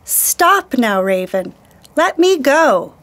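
Woman doing grumpy tide lady spirit, scolding, slow and high-ish. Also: big pitch swings, fairly bright tone, exaggerated voice. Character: stubborn, cranky female tide spirit.

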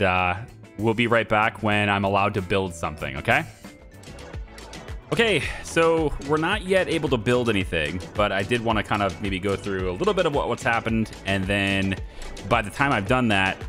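A man giving casual commentary over a strategy game he plays, relaxed and thinking aloud with frequent ums and restarts. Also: lowish voice. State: has hiccups. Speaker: gameplay video creator.

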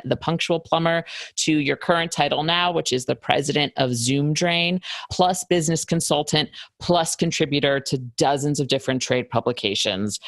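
A woman's voice: rumbling low, dry recording. A woman hosting a podcast, upbeat and enthusiastic as she introduces her guest. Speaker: podcast host. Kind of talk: scripted intro then interview chat.

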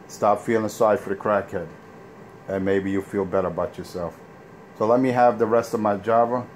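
A low-voiced man in a loose, boastful morning rant, trash-talking and bragging. His voice sits deep, and there is a faint hiss behind him. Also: fairly even intonation, brisk. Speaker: CB radio operator ranting on air.

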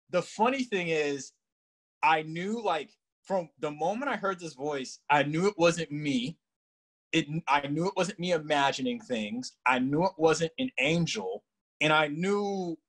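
A young man tells his personal testimony in a relaxed, earnest way, voice sitting a bit high for a man. He leans on casual fillers as he recounts the story. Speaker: guest sharing testimony.

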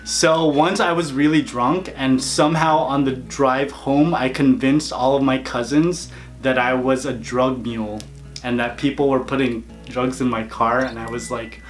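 A man's voice: medium pitch, fairly even intonation, measured pace, soft background music. A man hosting a casual YouTube interview, playful and laughing often. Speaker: YouTuber host.

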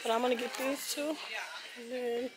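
A bubbly vlogger in her twenties chats casually to the camera, first in her car and then in a store. Her voice is a little high with fairly even intonation and a moderate pace, and the recording is rough.

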